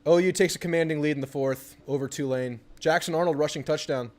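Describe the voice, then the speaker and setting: A young man hosting a live football watch party, chatting casually about the game and bursting into excited yelling at the TV on big plays. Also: a little high, fast talker. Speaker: sports channel host.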